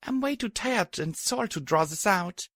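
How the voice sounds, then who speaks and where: A man's voice: high-pitched, a little slow, no echo, studio quality, voice pushed up. A man voicing a tired, sighing young mare pony. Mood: weary. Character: weary young mare pony, blunt and guilt-ridden.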